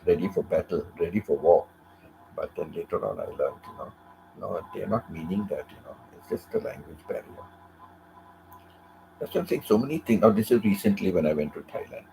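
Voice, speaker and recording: A man's voice: sits low, creaky, dark tone, a little hiss or hum, rough recording. A man hosting a casual talk who repeats his phrases and often checks in with "you know" and "correct?". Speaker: host.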